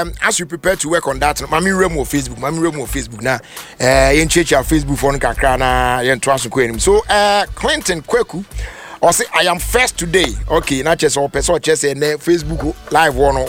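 A man with a Ghanaian accent hosting a live radio show, reading out listener messages in a chatty, animated way and often half-singing his words. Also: on the high side, fast, soft background music. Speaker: radio host.

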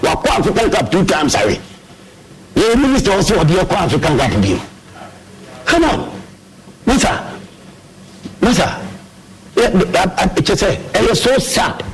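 A man's voice: high voice, rough recording. A man with a Ghanaian accent delivering an impassioned political rant, repeating himself insistently and switching languages mid-sentence.

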